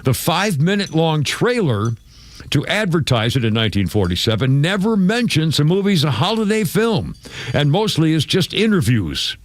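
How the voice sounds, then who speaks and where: A man hosting a radio talk show, chatty and quick to laugh as he talks with callers. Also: fairly high pitch, no room sound. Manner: chatty, laughs often, animated.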